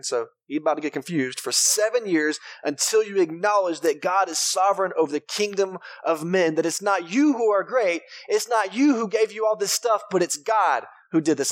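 A man preaching a sermon in church, reading scripture aloud and breaking off into joking asides. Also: sits high. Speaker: pastor.

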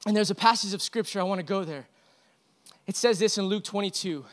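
A young man preaching a sermon, swinging between loud urgent exhortation and quiet storytelling. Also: sits high, fairly quick. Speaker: pastor.

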